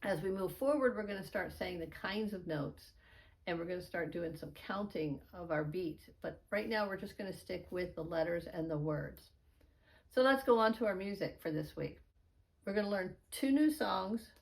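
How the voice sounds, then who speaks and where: Patient, lower-voiced woman teaching piano. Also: normal speed, vocal fry. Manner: patient, encouraging explanations with chanted counting. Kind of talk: beginner music lesson.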